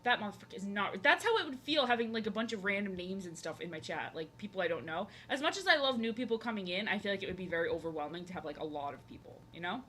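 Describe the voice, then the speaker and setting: A woman's voice: medium pitch, lively intonation, fast talker, hardly any pauses, a bit bright, a little hiss or hum. A woman chatting casually with her live stream viewers while she draws, rambling and filling her talk with "like". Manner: rambling, filler-heavy, talks to chat. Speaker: art streamer.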